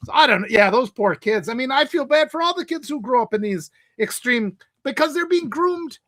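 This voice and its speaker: Bright, high-voiced woman chatting animatedly. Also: a little fast. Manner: animated, rambling, laughs often. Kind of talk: casual chat.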